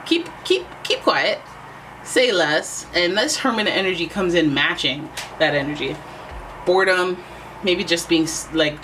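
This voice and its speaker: A tarot reader talking casually to the viewer, sassy and teasing, with lots of "like" and quick asides. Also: medium pitch, a bit bright, slight background noise, rough recording. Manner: chatty and conversational, full of "like" and asides. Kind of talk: casual tarot reading to camera.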